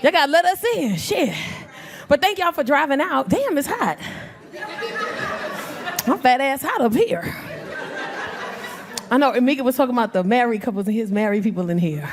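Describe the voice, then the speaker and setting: A woman doing stand-up comedy on a club stage, brash and animated, acting out voices and working the crowd. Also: high voice, normal speed, pauses often. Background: audience laughter.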